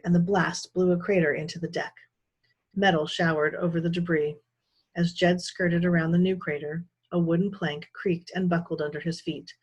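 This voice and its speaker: A woman, a teacher, reading a children's novel aloud with steady, expressive storytelling. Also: fairly low pitch, husky.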